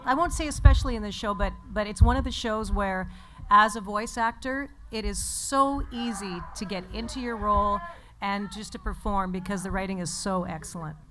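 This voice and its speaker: A woman's voice: mid-range voice, normal speed, a little hiss or hum. A woman voice actor speaking sincerely at a convention panel. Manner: warm-hearted, sincere.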